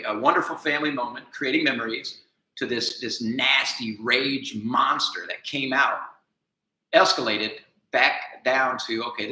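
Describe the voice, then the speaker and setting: A man telling a personal story in an earnest, self-critical monologue, going from quiet and subdued to emphatic. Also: medium pitch. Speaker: vlogger. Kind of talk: confessional monologue. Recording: echoey room.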